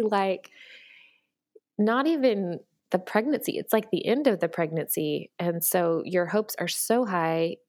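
A woman guest tells personal stories in conversation, earnest and candid, full of fillers and restarts. Her voice sits at a medium pitch with a slightly mellow quality.

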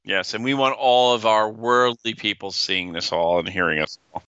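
A man's voice: on the low side, normal speed, pushed and bright, clean tone, no echo, highs cut off. A man co-hosting a casual podcast, talking in a playful, joking way. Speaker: podcast co-host.

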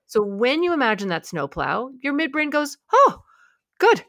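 A woman explaining how anxiety works in an emphatic, quick conversational way. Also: on the high side, very animated, a bit bright, no room sound, clean studio sound. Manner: emphatic, quick, voices the anxious mind in asides.

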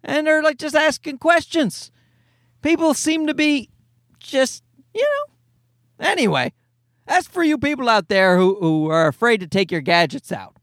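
Comedian in his forties, podcast host, lively swearing storyteller, bouncy high voice, dry close mic. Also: normal speed, dry recording. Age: 40s. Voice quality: animated, profane storytelling. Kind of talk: casual solo podcast monologue.

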